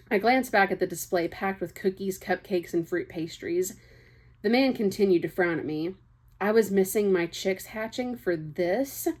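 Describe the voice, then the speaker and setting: A woman's voice: on the low side, moderate pace, darkish tone. A young woman reading a novel aloud, chatty, breaking off for casual asides. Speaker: book reader.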